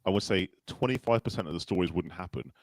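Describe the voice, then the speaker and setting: Low gravelly-voiced man, fast and lively. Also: dry recording. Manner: joking, quick, laughs often. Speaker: show host. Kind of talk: casual live-stream chat.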